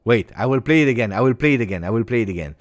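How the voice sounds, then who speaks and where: A man hosting a football chat show, talking in an animated, rambling way and often repeating himself. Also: medium pitch, rapid-fire. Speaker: football channel host. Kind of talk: casual chat.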